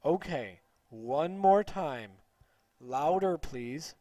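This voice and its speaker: A man's voice: mid-range voice, very animated, slow, a little mellow. A man voicing a strict, scolding female schoolteacher in a read-aloud storybook. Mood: stern. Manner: scolding, commanding.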